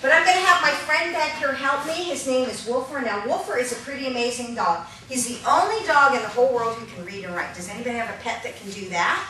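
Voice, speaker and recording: Animated woman teaching from far off in an echoey room. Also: high-pitched, fast talker, few pauses, slight background noise. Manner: animated, calls out to the audience and coaxes them. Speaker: puppet ministry teacher. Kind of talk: children's ministry puppet demonstration.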